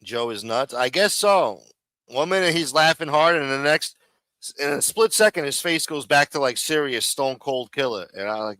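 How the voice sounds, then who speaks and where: Guy streaming live, ranting and swearing, bright voice, dry mic. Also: mid-range voice, lively intonation, moderate pace, no echo. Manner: profane, rambling, exasperated. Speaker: live-stream host reacting to a clip. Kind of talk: casual live-stream commentary.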